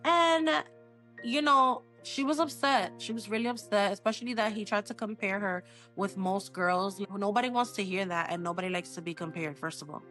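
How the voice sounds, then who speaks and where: A woman's voice: medium pitch, brisk. A woman chats through a novel's chapter for a podcast, slipping into characters' voices as she retells their exchanges. Her talk is loose and slangy, with faint music behind her. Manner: animated retelling with quoted dialogue and slang. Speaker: book club podcast host. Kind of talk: casual book chat, acting out characters' lines.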